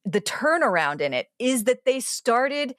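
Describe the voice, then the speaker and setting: A woman, a TV critic and podcast co-host, explaining a show in animated casual chat, full of asides and restarts. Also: a little high, measured pace, no echo, clean studio sound.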